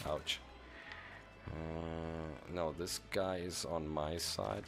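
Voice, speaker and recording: A man's voice: rumbling low, fairly even intonation, drawn-out words, gravelly, music in the background. A man from Germany chatting casually while streaming a video game, rambling with chuckles and frequent restarts. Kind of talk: casual gaming stream commentary.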